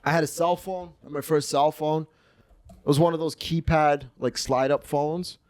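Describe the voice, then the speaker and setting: A man's voice: on the high side, fairly even intonation, a little slow, darkish tone, no room sound. A man in his twenties hosting a casual comedy podcast, telling crude, profane stories in a rambling way. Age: 20s. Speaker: podcast host.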